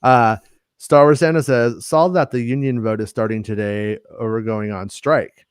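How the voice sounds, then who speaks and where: Male podcast host, casual stream chat, stammers and restarts, dry close sound, mid-pitched voice. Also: fairly even intonation, normal speed, clean tone, no echo. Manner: stammering restarts, joking rants.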